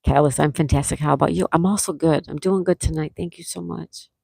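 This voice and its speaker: A woman hosting a live-stream trivia game, reading viewers' answers aloud and repeating each question slowly. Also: low voice, fairly even intonation, creaky, warm tone, breathy edge, no echo. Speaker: trivia host.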